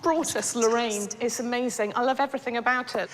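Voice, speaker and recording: A woman's voice: fairly high pitch, fairly even intonation, brisk, big-room sound, a little hiss or hum, rough recording. A woman from a gallery speaking enthusiastically at a portrait unveiling. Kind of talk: casual remarks at an unveiling.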